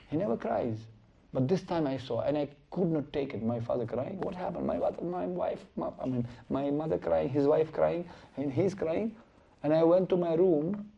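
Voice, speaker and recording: A middle-aged man gives a spiritual lecture, telling stories and acting out what people say. His voice sits a bit high with a heavy gravelly rasp and a mellow, dark tone. The recording sounds muffled and lo-fi. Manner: animated storytelling with acted-out quotes. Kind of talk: sermon storytelling. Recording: dull lo-fi recording.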